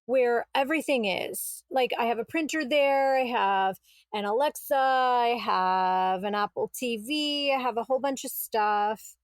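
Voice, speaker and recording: A woman, a podcast guest, telling her story in a casual, animated way and acting out what was said. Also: a little high, no echo. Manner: animated, quotes herself and others, exasperated retelling.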